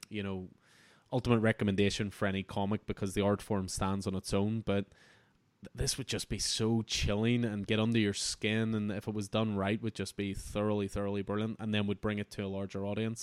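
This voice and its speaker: A man with a fairly low voice hosts a comic book podcast, chatting casually as he reviews an issue. He's enthusiastic and rambling, with frequent restarts. There's no echo.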